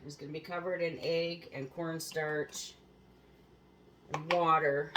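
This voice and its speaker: Woman, lowish voice, chatty and foul-mouthed, home kitchen, noticeable background noise. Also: level tone, takes it slowly. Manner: chatty, swears freely, laughs at her own stories. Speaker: home cooking show host. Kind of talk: casual cooking chat.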